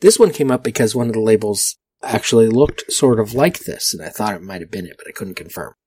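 A man's voice: on the low side, animated, brisk, darkish tone, slightly rough, no echo. A man hosting a podcast, rambling through vintage liquor ads with wry, profane asides. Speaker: podcast host. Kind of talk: casual commentary reading vintage liquor ads.

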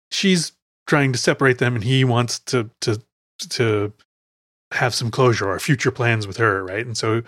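A male podcast host with a mid-range, fairly bright voice chats casually and digressively at a measured pace while recounting film scenes. The recording is dry with clean studio sound.

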